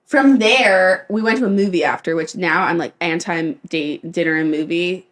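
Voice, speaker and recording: A woman's voice: fairly low pitch, normal speed. A young woman from California, co-hosting a podcast and telling a story in casual chat, laughing often and acting out what others said. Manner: animated, laughing, quotes others in changed voices. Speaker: podcast co-host.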